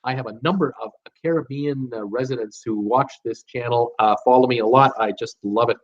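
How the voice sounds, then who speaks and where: A man's voice: mid-range voice, fairly quick. Chatty man hosting a lo-fi live stream. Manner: chatty, upbeat, reads names and greetings aloud with many fillers. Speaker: host of a live cruise chat show. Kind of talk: live stream reading viewer comments.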